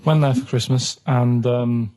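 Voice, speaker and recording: Man, Manchester accent, deadpan, halting with ums, mid pitch, studio radio chat. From Manchester, England. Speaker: regular on a comedy radio show.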